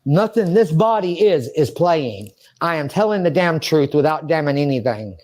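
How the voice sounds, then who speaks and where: A man's voice: fairly high pitch, lively intonation, normal speed, a little mellow. A man speaking in an interview, rambling and agitated, swearing and talking to himself. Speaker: interview subject. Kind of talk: emotional interview monologue.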